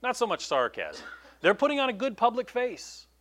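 Animated preacher with a lively voice. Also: male voice, very high-pitched, normal speed, slight background noise. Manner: animated, conversational preaching with asides. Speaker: pastor. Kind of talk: sermon.

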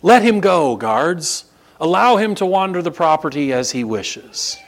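A man playing a soft-spoken gracious king. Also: a little high, sing-song, unhurried. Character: kindly old king on a throne.

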